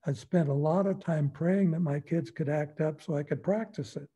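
An older man as a guest expert on a radio interview, calm and folksy, explaining with easy humor. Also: a little high, normal speed, husky. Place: radio studio.

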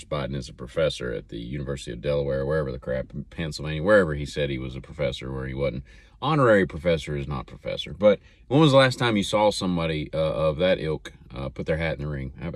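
A man's voice: a bass voice, no room sound, studio quality. A Southern American man hosting a casual solo talk show, rambling and chatty with many fillers and restarts. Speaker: podcast host.

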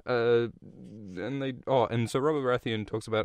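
A man's voice: mid-range voice, steady tone, normal speed, clean tone, no echo. A man hosting a podcast, retelling a book chapter in an irreverent, sweary comedic style with frequent fillers. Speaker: podcast host.

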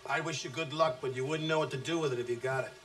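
Male actor as a brutal sales trainer, contemptuous and loud, slightly raised pitch. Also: steady tone, quick pace, slight background noise, lightly acted. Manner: aggressive, taunting, swings between shouting and low menace. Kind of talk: film acting.

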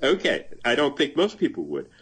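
A man's voice: medium pitch, wildly swooping pitch, moderate pace, breathy edge. An older man translating a memoir, talking thoughtfully in an interview, reading passages aloud and laughing now and then. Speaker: translator and guest. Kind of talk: conversational interview.

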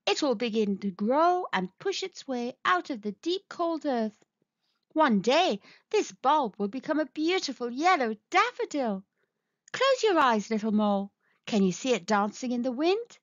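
A patient, loving mother mole in a storybook, as a woman reader puts her on, speaking softly and unhurriedly and sometimes dropping to a whisper. Her voice sits high and is lively, and the sound is dull and lo-fi. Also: dry recording. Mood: gentle. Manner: soft, slow and soothing, sometimes whispered.

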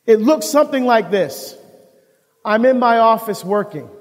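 A deacon giving a live talk on marriage to an audience, telling animated stories and acting out the dialogue. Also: male voice, extremely high pitch, a little slow. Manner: animated storyteller who acts out dialogue. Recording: long hall reverb.

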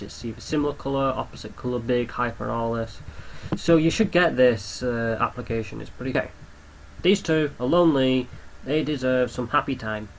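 A young man talks his way through a simulation game, chatting to the creatures on screen as he goes. His voice sits at an ordinary middle pitch. A faint hiss of noise runs underneath. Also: rough recording. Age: young adult. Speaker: gameplay commentator. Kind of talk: casual gameplay commentary.

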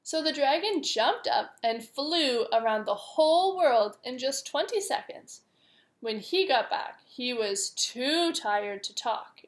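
A woman reading a picture book aloud to young children, with gentle, chatty asides to her listeners. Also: high voice, lively intonation, slow. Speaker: preschool teacher.

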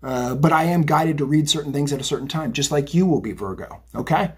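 A man's voice: on the high side, brisk, a little hiss or hum. A middle-aged man giving a chatty, rambling tarot reading, often tagging his lines with "right?" and "okay?". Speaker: psychic tarot reader. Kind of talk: casual tarot reading monologue.

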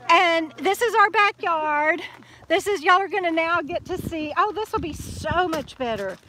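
A woman's voice: very high voice, animated, normal speed, pushed and bright, slight background noise. A woman hosting a live chat outdoors at a campsite on a phone camera, chatty and laughing, often restarting her words. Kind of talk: casual live-stream chat.

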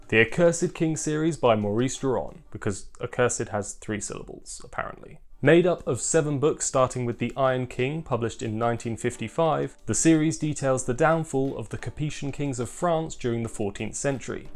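A young man narrating a scripted book review video with wry, dry asides. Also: medium pitch.

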